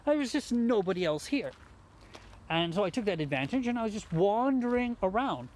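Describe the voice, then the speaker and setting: A host telling a story in a casual, animated way, mocking himself and acting out what people said. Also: mid-range voice, fairly quick, a little hiss or hum. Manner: animated, self-mocking, acts out quoted lines.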